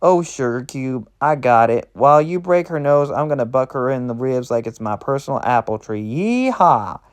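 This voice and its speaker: A man's voice: medium pitch, animated, normal speed, clean tone, close to an everyday voice. Man doing a folksy country pony mare. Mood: teasing.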